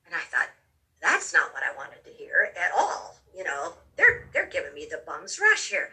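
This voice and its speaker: A woman telling a personal story in a halting way, often repeating words, with real emotion, her voice a little distant from the mic. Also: lowish voice, huge pitch swings, pushed and bright. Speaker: storyteller recounting a near-death experience.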